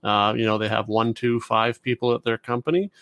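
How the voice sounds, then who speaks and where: A man's voice: mid-range voice, level tone, brisk, a bit bright, smooth, no echo, clean studio sound. A man hosting a podcast interview in an easygoing way, with hesitant fillers. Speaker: podcast host. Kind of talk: casual interview.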